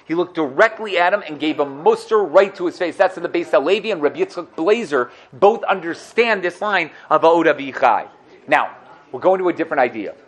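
Lively high-pitched man teaching Torah. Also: brisk. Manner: animated, acts out the quotes he cites; asks his listeners questions. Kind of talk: Torah lesson.

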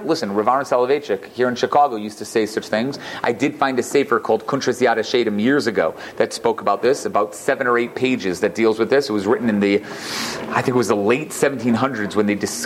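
A man's voice: medium pitch, a little hiss or hum. Man telling a Torah class story. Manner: animated, many restarts and asides. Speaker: rabbi teaching a class.

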